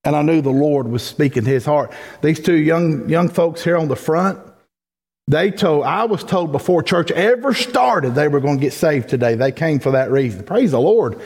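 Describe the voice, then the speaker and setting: A man's voice: fairly high pitch, expressive, moderate pace, darkish tone, breathy edge. A man preaching a folksy sermon as pastor, building to emphatic peaks. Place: church sanctuary. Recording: long hall reverb.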